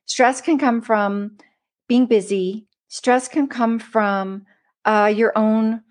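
A woman with a somewhat high voice gives a casual devotional talk to viewers online. She speaks in an earnest, conversational way and often stops to address her listeners directly. She also reads scripture aloud. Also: fairly even intonation, slow, a little mellow. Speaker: Christian livestream speaker.

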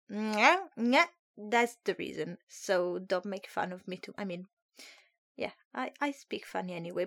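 Chatty woman podcaster with a sore mouth. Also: mid-range voice. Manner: chatty, self-deprecating, animated asides. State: sore mouth, slightly slurred speech. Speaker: podcast host. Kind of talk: casual podcast chat.

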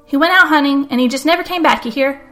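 A woman's voice: fast, pushed and bright, soft background music. A woman voicing a harsh, menacing old grandfather who barks orders and hisses threats. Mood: commanding. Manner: barking orders, then low threats.

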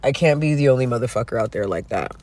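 A man from Canada telling a casual, profane story in an animated, self-mocking rant. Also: mid-range voice, fast. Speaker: vlogger. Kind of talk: casual ranting monologue.

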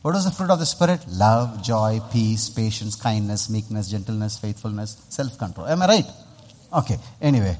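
A man's voice: lowish voice, normal speed. A man preaching a sermon as pastor, asking the congregation questions and having them repeat after him. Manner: lively, call-and-response preaching with rhetorical questions.

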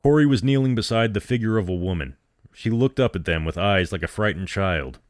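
Deep-voiced male storyteller. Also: expressive, a little fast, no room sound, studio quality. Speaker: storyteller host. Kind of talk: dramatic story reading.

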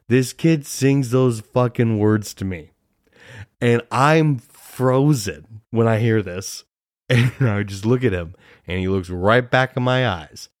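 A man's voice: fairly low pitch, slow, dry recording, studio quality. A young man hosting a solo podcast, telling a story in a rambling, casual way, swearing freely and laughing often. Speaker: podcast host.

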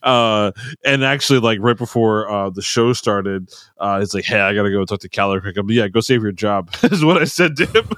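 A man's voice: fairly low pitch, lively intonation, a little fast, fairly bright tone, no echo, clean studio sound. Rambling, laughing male podcast host. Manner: rambling, laughing, quoting others in put-on voices. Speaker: podcast co-host, live sound engineer. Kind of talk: casual chat.

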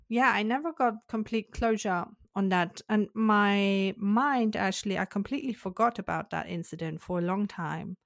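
A middle-aged woman speaks as a podcast guest, reflective and candid as she recounts her own story. Her voice sits in a middle range, recorded close and dry with no room sound. She laughs softly now and then and restarts her phrases. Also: medium pitch, dry recording. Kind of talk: personal storytelling.

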